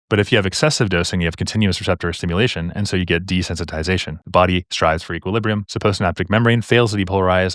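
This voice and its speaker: A man's voice: deep voice, no room sound, studio quality. A man tutoring for a medical exam, working through practice questions in a casual way with the odd joke. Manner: quick, casual, joking asides.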